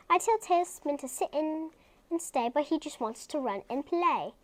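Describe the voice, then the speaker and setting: A woman's voice: sits high, animated, normal speed. A woman reading a children's book aloud, breaking off into chatty asides.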